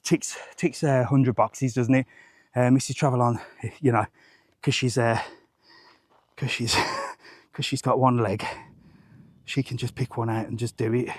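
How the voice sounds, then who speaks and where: A man's voice: medium pitch, flat delivery, a little slow, long pauses. A man, chatting rambling and jokey on a live walking vlog outdoors, swearing casually, into a handheld phone. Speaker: travel vlogger.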